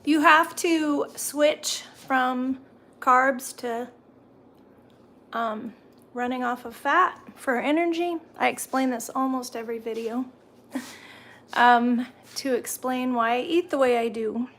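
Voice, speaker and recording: A woman's voice: a little high, steady tone, unhurried, long pauses. A woman hosting a casual live stream from home, chatting and answering viewer comments while she eats, sometimes talking through a mouthful. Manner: talks while chewing.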